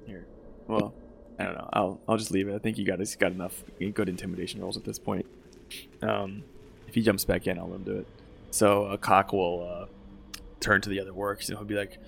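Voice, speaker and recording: A man runs a tabletop game in an easygoing, rambling way. His voice sits low with a gravelly fry. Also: moderate pace, pauses often, slight background noise. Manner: relaxed, chuckling narration with frequent fillers. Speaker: game master.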